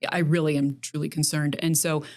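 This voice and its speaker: A middle-aged woman with a low, grounded voice talks as a guest on a casual podcast. She is a criminal defense attorney and speaks earnestly, often stringing points into quick lists. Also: flat delivery, a little mellow. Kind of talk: casual interview chat.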